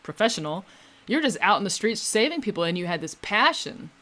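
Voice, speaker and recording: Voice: medium pitch, very animated, brisk, sharp tone. Earnest conference panel speaker. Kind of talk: casual conversation.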